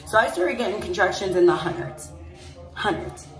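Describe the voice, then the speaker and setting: A woman's voice: medium pitch, expressive, normal speed. A young woman telling a long personal story to her phone camera in a chatty, rambling way, full of "like" and "mind you". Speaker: vlogger. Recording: roomy echo, phone held at a distance.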